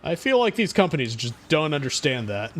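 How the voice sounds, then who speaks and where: A young man streaming a game and ranting to chat, profane and quick to anger. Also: a little high, sing-song. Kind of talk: casual gaming stream chat.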